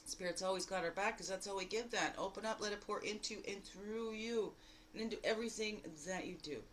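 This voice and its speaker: A woman giving a daily spiritual card reading in a lively, exclamatory way, full of rhetorical questions and repeated phrases. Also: fairly quick, slight background noise, rough recording. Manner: animated, jumping between loud bursts and low asides. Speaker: spiritual guide.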